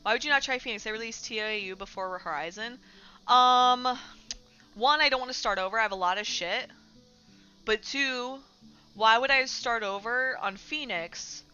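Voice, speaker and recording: Talking bluntly and casually to her chat, a woman streamer hosts livestream commentary and swears now and then. Her mid-range voice is clean in tone, bright, and a little forceful. The sound is somewhat dull and lo-fi, with faint music underneath.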